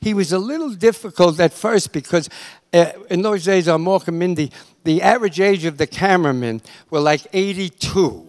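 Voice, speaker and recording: An older man, a TV writer and director, telling anecdotes in an animated way and acting out other people's voices. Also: high voice, normal speed. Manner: animated, acts out quoted voices. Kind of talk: anecdotal storytelling.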